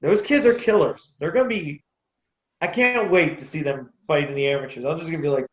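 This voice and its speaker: A man with a slightly raised voice tells stories about coaching kids at his boxing gym. His talk is animated and full of laughs and restarts. The room around him rings with echo. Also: fairly high pitch, brisk, dull audio. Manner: animated, laughs between anecdotes, restarts sentences. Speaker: amateur boxer and youth boxing coach. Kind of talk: casual interview storytelling. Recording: roomy echo.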